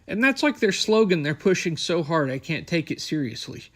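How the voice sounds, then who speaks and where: A man's voice: fairly high pitch, sing-song, brisk, hardly any pauses, a bit bright. Blunt, profane male podcast host. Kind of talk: casual wrestling recap.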